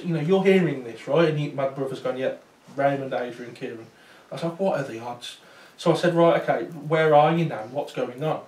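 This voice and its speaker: A man with a medium-pitched voice, a paranormal investigator, gives a storytelling talk to a small audience at a venue. He's chatty and anecdotal, with plenty of ums and restarts. The mic is distant and the sound roomy.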